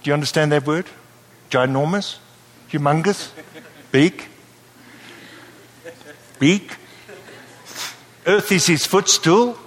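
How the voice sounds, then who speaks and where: A man preaching a sermon to a live audience in a lively, playful way, often checking that his listeners follow him. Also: a little high, normal speed. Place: church hall with a live audience. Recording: long hall reverb.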